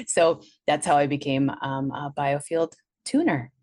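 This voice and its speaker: A woman from Milwaukee with a Wisconsin accent, a guest in a casual interview, telling her story with animation and acting out her past thoughts in a higher voice. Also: big pitch swings, takes it slowly, a little mellow, dry recording. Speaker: guest, energy healer.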